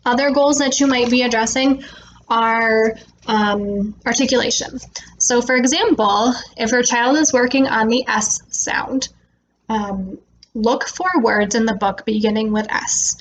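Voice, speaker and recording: A woman speech therapist explaining reading tips to parents in a relaxed way, with frequent "um" fillers, slowing down to stress words when she models them. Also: a little high, slight background noise, rough recording. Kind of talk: instructional talk to parents.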